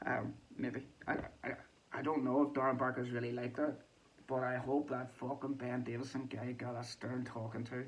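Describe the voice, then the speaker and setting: A man's voice: mid-range voice, level tone, normal speed, slight background noise, rough recording. A Northern Irish man giving a casual, sweary and rambling boxing reaction with a mocking tone. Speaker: boxing commentator. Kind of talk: casual chat.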